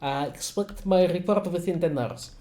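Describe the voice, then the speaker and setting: A man voicing a gruff male ship doctor in a put-on Russian accent, muttering and hesitant as he works. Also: sits high, normal speed, dark tone, roomy sound, a little hiss or hum, close to an everyday voice. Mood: brisk. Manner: hesitant, muttering while working.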